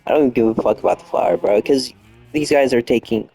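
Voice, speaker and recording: A man's voice: medium pitch, expressive, fairly quick, gravelly, warm tone, husky, no echo. A young man playing a game late at night while lying down, muttering and swearing in frustration with half-whispered outbursts. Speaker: gaming streamer. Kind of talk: casual late-night gameplay commentary.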